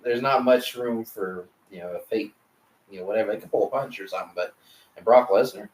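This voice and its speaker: Low-voiced man chatting in an echoey room. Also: brisk, a little mellow. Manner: laid-back, profane, stammering restarts. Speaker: podcast co-host. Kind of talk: casual chat. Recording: echoey room, mic at a distance.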